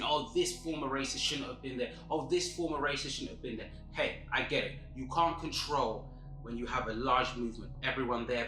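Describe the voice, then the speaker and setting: A man's voice: mid-range voice, sharp tone. Earnest male commentator in a roomy space. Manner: measured, self-correcting, earnest. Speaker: commentary host. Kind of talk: opinion commentary.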